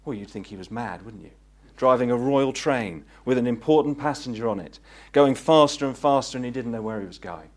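A man preaching a gospel sermon, earnest and pleading, rising to fervent peaks and then dropping low. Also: fairly quick, few pauses. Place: meeting hall.

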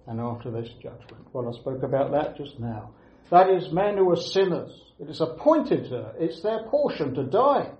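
A man's voice: medium pitch, big pitch swings, moderate pace. Preacher guy, earnest, repeats himself for emphasis, echoey dull recording. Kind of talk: sermon. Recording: echoey room, dull lo-fi sound.

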